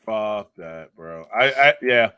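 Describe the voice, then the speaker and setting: Profane, animated man ranting. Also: on the low side, slow, clean tone, no room sound. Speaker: podcast co-host. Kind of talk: casual comedy podcast chat.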